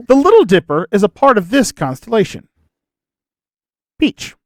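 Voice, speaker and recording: A man's voice: high-pitched, sing-song, takes it slowly, dry recording, clean studio sound. A man from Nebraska hosting a casual parody quiz over a video call, reading clues with small stumbles and joking asides. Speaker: quiz show host.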